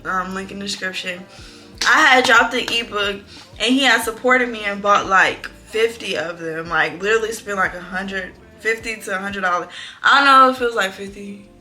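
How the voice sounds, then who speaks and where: A young woman, telling a storytime vlog in an animated, profane, exclamatory way. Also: medium pitch, normal speed, soft background music. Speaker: vlogger. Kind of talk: casual storytime.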